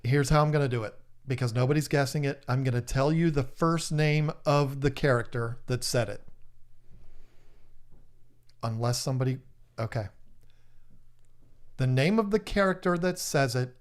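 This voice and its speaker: A man, hosting a casual live stream and teasing viewers as he runs through their guesses. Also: mid-range voice. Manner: playful, teasing, lists guesses rapidly. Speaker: livestream host.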